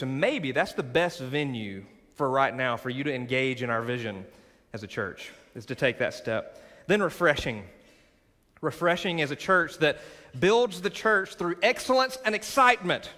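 A male pastor with a mid-range voice preaches a sermon in a large church sanctuary, bright and forceful, his words echoing on a long hall reverb. He leans into rising emphasis and draws the congregation into responding.

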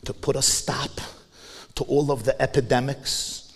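A man giving a memorial sermon as a rabbi, swinging from hushed tones to shouting and asking rhetorical questions. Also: mid-range voice, little pitch movement, unhurried. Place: large hall. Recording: long hall reverb.

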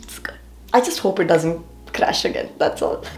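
A woman's voice: fairly low pitch, lively intonation, moderate pace, faint music behind. Chatty young Indian woman vlogging. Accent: Indian English. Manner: chatty, talks straight to viewers. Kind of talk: casual vlog chat.

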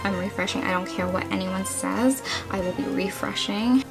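A young woman narrating live at her computer at home, anxious and excitable, counting aloud and swearing. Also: medium pitch, normal speed, creaky, over music. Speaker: vlogger. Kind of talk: casual live commentary.

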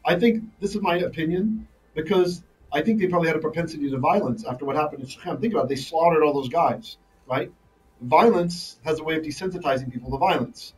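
A man's voice: a little high, quick pace, distant mic, a little hiss or hum, rough recording. A man teaching a live online Bible lesson, reading Hebrew verses and translating them line by line, often checking in with "right?". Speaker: Torah teacher.

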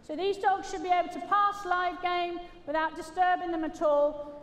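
A woman's voice: very high-pitched, steady tone, moderate pace, fairly bright tone. A British woman giving a gundog training demonstration, chatting jokily with the crowd and praising her dogs as she explains. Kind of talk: live commentary over a loudspeaker. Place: large indoor arena. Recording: echoey arena PA from far off.

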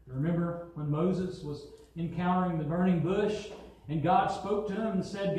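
Echoey, high-voiced preacher in a hall. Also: male voice, normal speed, dark tone, far from the mic. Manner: preaching, acts out quotes, builds emphasis. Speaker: pastor. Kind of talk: sermon. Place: church sanctuary.

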